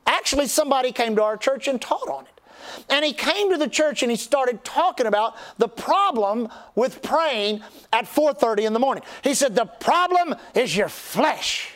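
A man's voice: extremely high pitch, expressive, moderate pace, fairly bright tone. An older man, a pastor telling a folksy, humorous story in a sermon, with lots of restarts. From Texas.

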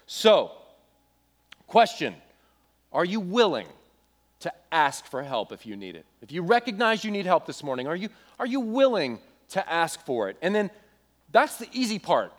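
A young adult male pastor preaching a sermon, telling a story in a casual, animated way with asides to the congregation. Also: high-pitched, moderate pace.

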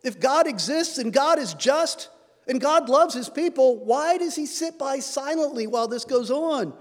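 A man's voice: very high voice, lively intonation, moderate pace, big-room sound. A man preaching a sermon, earnest, lifting his voice when he reads scripture aloud.

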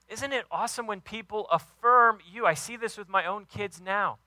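Bright, high-voiced excited male preacher. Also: moderate pace, few pauses, no echo, rough recording. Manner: enthusiastic, emphatic preaching with acted quotes. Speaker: pastor. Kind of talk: sermon.

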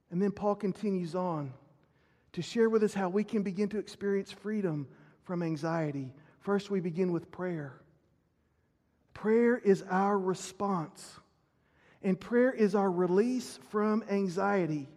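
A male pastor with a high-pitched, slightly mellow voice preaches an earnest sermon, often repeating words as he builds his point. The sound echoes through a reverberant hall.

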